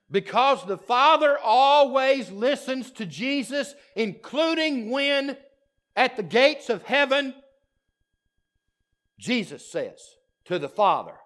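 A man preaching a sermon, emphatic and impassioned, repeating key phrases and moving between loud declarations and hushed asides. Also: high-pitched, lively intonation, slow pace. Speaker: pastor.

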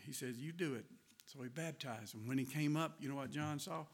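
A man's voice: mid-range voice, brisk. Folksy Southern US preacher man. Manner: folksy storytelling with laughs and repetitions. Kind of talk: sermon.

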